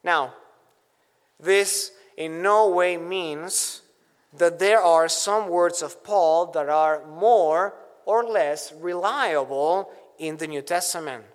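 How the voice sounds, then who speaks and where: A man preaching an expository sermon, teaching deliberately and stressing key words as he quotes scripture. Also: a little high. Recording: long hall reverb.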